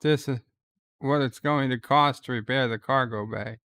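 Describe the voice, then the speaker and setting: A man's voice: medium pitch, fairly even intonation, moderate pace, a bit bright, no room sound. A man hosting a live reaction stream, retelling the scenes and reading out chat messages. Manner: retells scenes, quoting lines in a plain voice; reads out viewer chat messages. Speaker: host.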